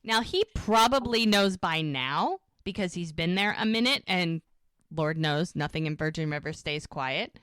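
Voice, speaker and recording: A woman co-hosting a TV rewatch podcast, retelling scenes in a lively, chatty way and acting out the characters' lines. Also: fairly low pitch, measured pace, clean tone, dry recording. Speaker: podcast co-host. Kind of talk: casual rewatch podcast recap.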